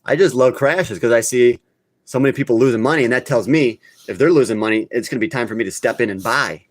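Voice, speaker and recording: A man hosting a live online market chat, talking off the cuff in a blunt, excitable way and scolding his viewers when he gets worked up. His voice sits in an ordinary middle pitch and is recorded dry and close, with no room sound. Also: quick pace, dry recording. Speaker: crypto channel host. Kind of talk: live casual market talk.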